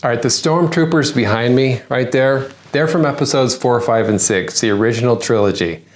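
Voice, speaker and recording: A man delivers a satirical news monologue in a middle-pitched voice. He lands sarcastic punchlines one after another, like a stand-up comic running through the day's headlines. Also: normal speed. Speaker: comedian hosting a news-parody segment.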